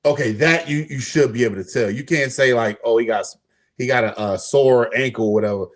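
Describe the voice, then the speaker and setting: A young man co-hosting a casual sports talk stream, animated and profane, acting out quotes as he talks. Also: fairly quick. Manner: animated, profane, acts out quotes with big pitch jumps. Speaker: podcast co-host.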